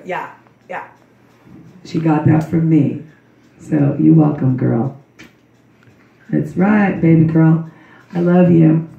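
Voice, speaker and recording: A hoarse woman with a cold gives a rambling, emotional memorial tribute to her daughter. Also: low voice, dark tone. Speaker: grieving mother giving a memorial tribute. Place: memorial service room. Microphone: recorded from a distance by someone in the room. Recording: dull, roomy, distant recording.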